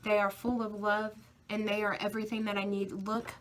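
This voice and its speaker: A woman's voice: mid-range voice, little pitch movement, fairly quick, fairly bright tone. A woman doing a pick-a-card tarot reading, with emphatic, repeated affirmations and casual swearing. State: tearful, emotional. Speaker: tarot reader.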